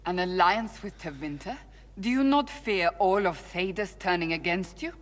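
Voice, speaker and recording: A woman's voice: lowish voice, normal speed, natural voice. A woman voicing a stern warrior in a video game, speaking firmly and directly. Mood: alarmed. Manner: firm, questioning. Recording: game audio with long reverb.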